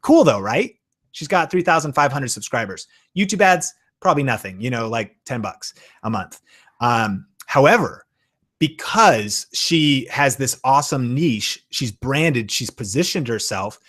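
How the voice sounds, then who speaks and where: A man hosting a live-stream Q and A, talking with excitable enthusiasm and plenty of fillers. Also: mid-range voice, a little slow. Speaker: YouTube channel host.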